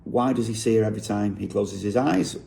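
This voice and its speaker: A songwriter explaining how he wrote a song lyric. He thinks aloud in an unhurried way and often corrects himself. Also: lowish voice, vocal fry, mellow.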